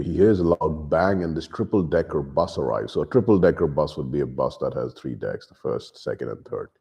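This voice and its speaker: A man's voice: a bass voice, dark tone. A man giving a casual book review, retelling the plot loosely with asides and acting out the characters' lines.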